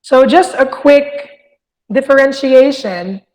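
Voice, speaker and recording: A woman's voice: high-pitched, slow pace, darkish tone. A woman teaching a literature review lesson, explaining step by step and often checking in with "okay?". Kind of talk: recorded lecture. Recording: long hall reverb.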